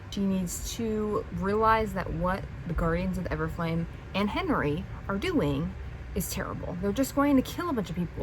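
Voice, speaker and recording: Recorded on a propped-up phone with a little hiss or hum, a young woman book vlogger chats casually about books she plans to read. Her medium-pitched voice swings widely at a moderate pace as she rants, exasperated, about characters, saying "like" constantly.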